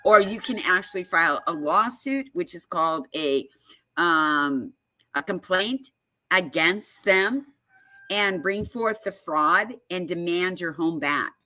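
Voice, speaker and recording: A woman explains at an unhurried pace, leaning hard on her points. Her voice is bright and forward. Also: on the low side, animated. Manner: emphatic storyteller, laughs often. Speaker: guest speaker on foreclosure fraud. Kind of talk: casual explanatory talk.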